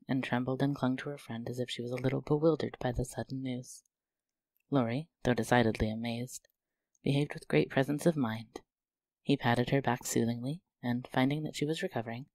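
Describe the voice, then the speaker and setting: A man's voice: mid-range voice, no room sound. A man narrating a classic novel aloud, reading steadily and expressively into a close mic. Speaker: audiobook narrator. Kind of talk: scripted narration.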